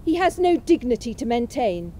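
A woman reading aloud from a lecture at a memorial event in a measured, unhurried way. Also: fairly high pitch, sing-song, dark tone, a little hiss or hum, rough recording. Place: college chapel.

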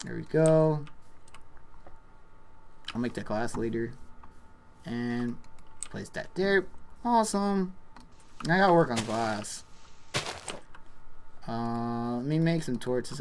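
A man's voice: medium pitch, a bit bright. A young man, maybe in his teens, chatting casually and rambling with lots of fillers while he plays a game on a desktop microphone, with keyboard clicks behind him. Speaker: gaming channel host. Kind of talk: casual gameplay commentary. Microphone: desktop USB microphone. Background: keyboard typing and clicks.

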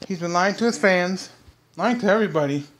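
A man's voice: sits high, a little fast, background noise. A young man hosting his own vlog, ranting heatedly and repetitively straight at his viewers. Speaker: vlog host.

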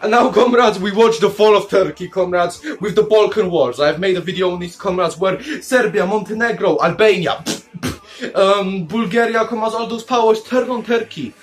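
A man's voice: high-pitched, moderate pace, faint music behind. A man hosting a comedic history video as a mock commander, calling his viewers comrades, swearing and joking with bursts of laughter. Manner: calls listeners "comrades" in nearly every line, crude and jokey; breaks into laughter and silly asides. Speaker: history video host in a comic commander persona.

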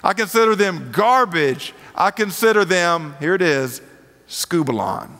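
A male preacher with a twang and a noticeably high voice delivers a laid-back sermon. He reads scripture and throws casual rhetorical questions at the crowd. His voice rings through the long reverb of a big worship hall. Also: animated, unhurried, fairly bright tone. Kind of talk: conversational sermon.

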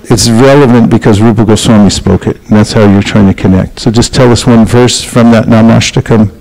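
A man's voice: on the low side, fairly even intonation, a little fast, a little mellow, rough recording. A man leading an interactive scripture class, speaking directly and coaching his students as he corrects them. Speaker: spiritual teacher leading a class.

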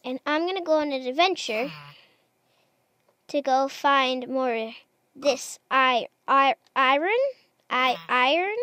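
A woman's voice: sits high, takes it slowly, pauses often, sharp tone, dry recording. A woman casually commenting as she plays a building game, chatty and unsure of herself, talking to the animals she meets. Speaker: gamer. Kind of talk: casual Minecraft let's play commentary.

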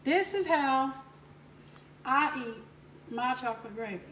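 Southern woman, high voice, homey cooking host, easy y'all-style chat. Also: animated, slow pace, fairly bright tone, a little hiss or hum. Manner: homey, chatty, addresses viewers as y'all. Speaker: home cook host. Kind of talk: casual cooking demo.

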